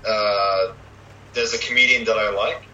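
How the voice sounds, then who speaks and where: Give me a bright, tense-sounding young man. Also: lowish voice, fairly even intonation, a little slow, lo-fi sound. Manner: hesitant, full of fillers and restarts. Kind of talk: casual chat.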